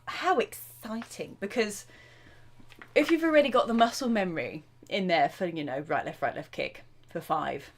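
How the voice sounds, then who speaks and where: A woman with a slightly low voice, talking casually as a drum teacher on a live stream. Her delivery is chatty and quick to get excited, full of "um"s and sudden asides as she answers viewer questions. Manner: chatty and excitable, with frequent fillers and self-interruptions.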